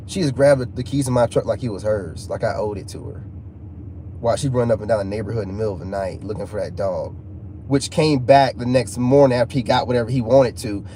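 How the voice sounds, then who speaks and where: A channel host with a warm, mid-range voice talks at a quick pace, telling viewers a personal story. His speech is casual and emphatic, full of slang and repetition, with faint background noise.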